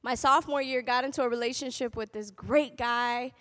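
A young adult woman giving a spoken testimony at a convocation, telling her story with animated delivery and acting out what people said. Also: on the high side, fairly quick. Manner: animated storytelling, acting out quotes in shifting voices. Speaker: convocation speaker. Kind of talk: testimony talk to an audience.

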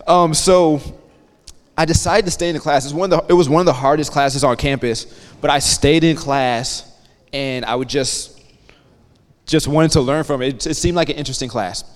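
A man in his thirties giving a motivational talk to students as a guest speaker, telling lively stories and often checking in with the audience. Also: a little high, normal speed. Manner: energetic storyteller, checks in with the audience. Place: campus hall. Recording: long hall reverb.

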